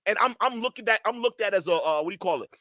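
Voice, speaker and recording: A man's voice: high-pitched, animated, very fast, pushed and bright, no room sound, clean studio sound. A man hosting a livestream, giving heated, profane commentary in a ranting manner. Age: adult. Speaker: streamer host.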